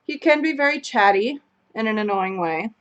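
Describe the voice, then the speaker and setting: A young adult woman co-hosting a live chat stream, telling a story in a casual, animated way and laughing as she goes. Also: mid-range voice, normal speed, dull audio.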